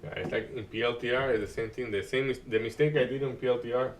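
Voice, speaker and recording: A man's voice: medium pitch, steady tone, far from the mic, slight background noise. Man talking through live trades. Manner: halting, restarts often, non-native grammar. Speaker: day trading stream host. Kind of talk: live market commentary.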